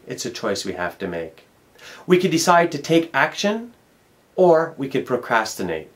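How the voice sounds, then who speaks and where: A middle-aged man, a motivational speaker, giving an emphatic self-help talk and repeating key words for effect. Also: mid-range voice. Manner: storytelling.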